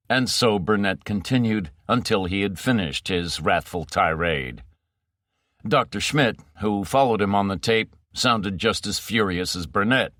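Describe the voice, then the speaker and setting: A male audiobook narrator with a low, bright voice, reading in an even, steady way. The recording is close and dry, with no room sound. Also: no room sound. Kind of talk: scripted narration.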